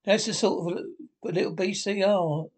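A man voicing a sensible, earnest male water rat in a storybook reading, telling things slowly and emphatically. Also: high voice, steady tone. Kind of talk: storybook character voice.

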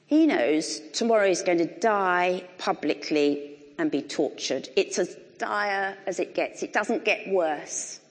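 A middle-aged woman preaching a sermon in a conversational, animated way with wry humour, recorded in a church. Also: lowish voice, takes it slowly. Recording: long reverb of a large hall.

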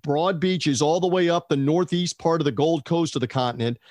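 A chatty man with a slightly raised pitch, rambling from point to point in a casual sports talk show. His voice sits close and dry, with no room sound around it. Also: fairly quick, a little mellow, no room sound. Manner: chatty, digressive, asks co-host questions. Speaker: podcast co-host. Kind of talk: casual boxing chat.

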